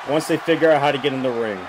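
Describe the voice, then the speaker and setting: A man giving casual, reactive commentary on a wrestling video game, swearing and yelling at the screen as he pleads with the characters. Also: mid-range voice, brisk. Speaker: gameplay commentator. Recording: game crowd and noise behind voice.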